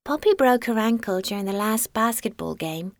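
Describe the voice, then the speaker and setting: A woman reads a children's story aloud, taking her time over each phrase. Her fairly high voice moves through a wide range of pitch. The recording is close and dry. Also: dry recording. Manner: slow, expressive storytelling.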